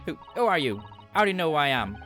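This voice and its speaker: A man putting on a scrappy young street girl from a game, raised high and loud. She is cheeky and defiant, with faint music beneath the read. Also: very animated, fast. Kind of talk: reading game dialogue aloud.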